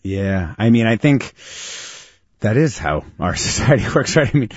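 A chatty man hosts a live radio interview with a bouncy, animated delivery. His studio sound is dry and a little muffled. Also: fairly low pitch, normal speed, husky, no room sound. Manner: lively and chatty, laughs easily. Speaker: radio show host.

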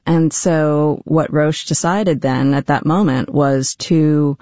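A woman's voice: deep voice, steady tone, takes it slowly, few pauses, dark tone, no echo, highs cut off. A woman business executive being interviewed, explaining in a friendly way with occasional fillers. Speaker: company executive guest. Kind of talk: interview conversation.

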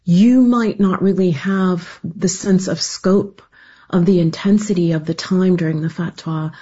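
A woman guest answering interview questions thoughtfully, in measured phrases. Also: on the low side, steady tone, dark tone, breathy edge, dull audio. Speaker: guest storyteller.

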